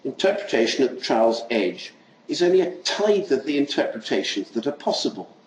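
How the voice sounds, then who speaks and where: An older man giving an academic lecture, reading a prepared text in a measured way with occasional asides. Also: mid-range voice, sing-song. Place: lecture hall. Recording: echoey lecture hall, faint noise.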